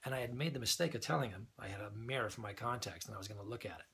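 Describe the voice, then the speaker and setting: A man telling a funny anecdote in a casual, animated way, chuckling as he goes. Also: on the low side, rapid-fire, vocal fry, husky. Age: older than the usual young adult. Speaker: storyteller.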